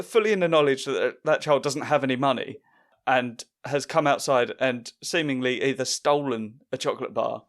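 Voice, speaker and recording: A man hosting a casual comedy podcast chat, telling long wry stories. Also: medium pitch. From United Kingdom. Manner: rambling, wry storytelling. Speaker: podcast host.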